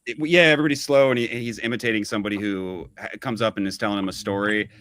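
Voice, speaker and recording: Low-voiced man telling stories quickly. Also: fairly even intonation, a bit bright, no room sound. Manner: halting storyteller with many restarts. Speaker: musician guest. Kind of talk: casual chat.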